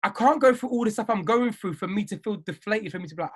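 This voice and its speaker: A man coaching traders on a video call, talking in an animated, emphatic way and repeating himself for effect. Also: high voice, fast talker, few pauses, breathy edge. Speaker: trading coach.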